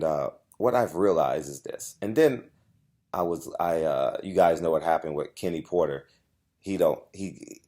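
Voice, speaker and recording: Emphatic low-voiced man. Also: a little mellow. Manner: emphatic, repetitive, confrontational storytelling. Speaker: boxing journalist and channel host. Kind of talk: direct-to-camera monologue.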